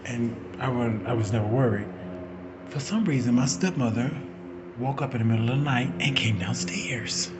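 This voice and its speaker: A man in his forties telling a personal story in a casual, animated way, swearing and acting out what people said. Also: mid-range voice, moderate pace, over music. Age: 40s. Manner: animated, profane, acting out quotes. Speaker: vlogger.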